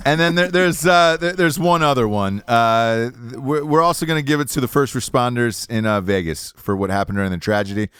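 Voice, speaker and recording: A man's voice: medium pitch, brisk, hardly any pauses, fairly bright tone, smooth, no echo. A man hosting a podcast in casual chat, enthusiastic and profane. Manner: enthusiastic, profane, restarts a lot. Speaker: podcast host.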